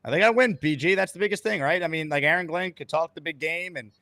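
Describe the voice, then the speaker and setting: A man hosts a casual sports talk show, upbeat and quick on his words. His voice sits a little high for a man. The sound is dry and close, with no room around it. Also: bright, forceful tone, dry recording. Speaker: sports radio host.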